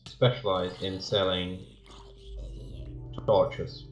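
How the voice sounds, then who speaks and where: A man's voice: deep voice, flat delivery, drawn-out words. A man co-hosting a let's play, trading dry, absurd jokes in casual banter. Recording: roomy lo-fi sound with faint music.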